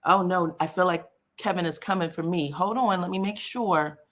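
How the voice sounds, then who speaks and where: A woman's voice: on the low side, normal speed, a bit bright. A woman hosting a casual live gossip stream, chatting to viewers and reading their comments aloud. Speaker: celebrity gossip host.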